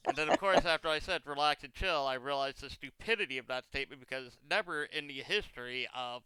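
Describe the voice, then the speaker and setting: Speaking quickly in a fairly high, smooth voice with a sharp edge, a young streamer chats casually. He spins long, rambling comic tales and acts out the quoted lines in exaggerated voices.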